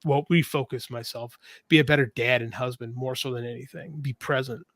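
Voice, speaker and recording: A man's voice: mid-range voice, fairly even intonation, brisk, a bit bright, dry recording. A middle-aged man, an author and podcast co-host, talking frankly and at length in a casual interview, swearing freely and often restarting his sentences.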